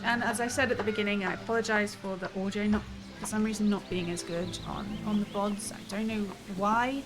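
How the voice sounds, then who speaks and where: Woman streamer, chatty and musing, mid-pitched, over game music. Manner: chatty, musing aloud, frequent laughs. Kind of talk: casual gameplay commentary. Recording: game music playing behind.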